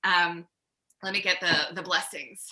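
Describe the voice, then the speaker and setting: A woman with a Long Island accent leading a Shabbat service, teaching in a chatty way with many pauses and chanting Hebrew. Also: fairly low pitch, steady tone, reverberant. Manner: chatty, many ums, warm teaching asides. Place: synagogue sanctuary.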